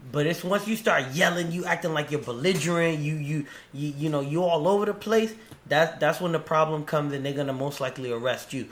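Animated, profane male podcast host. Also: on the high side, fairly quick. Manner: animated, profane, restarts often. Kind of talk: casual chat.

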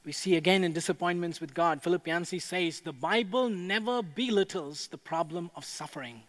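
A man preaching a sermon as a pastor, with a measured delivery that builds to impassioned proclamation. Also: high-pitched, fairly bright tone. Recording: echoey hall with long reverb.

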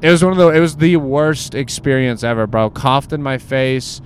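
A young man tells a crude story in a loose, rambling way, filling every pause with "like" and "bro". His voice sits at an ordinary pitch for a man. A faint vehicle rumble runs underneath. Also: fairly even intonation. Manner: rambling, filler-heavy, says "like" and "bro" constantly.

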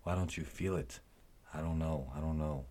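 A man with a deep, husky voice reads song lyrics aloud for a podcast. His delivery is dramatic and it swells with intensity as the verses go on. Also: moderate pace, warm tone. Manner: declaims with rising intensity. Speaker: co-host reading lyrics.

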